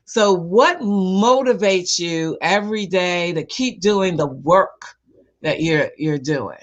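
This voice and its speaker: A woman hosting an interview, asking her questions in a halting way with several restarts. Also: fairly low pitch, lo-fi sound. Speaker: host. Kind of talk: interview conversation.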